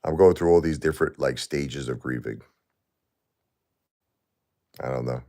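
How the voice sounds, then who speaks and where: Grieving guy on a livestream, super low voice, lots of fry, keeps repeating himself. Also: mellow. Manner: halting, repetitive, emotional. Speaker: live streamer. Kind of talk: grieving live-stream monologue to chat.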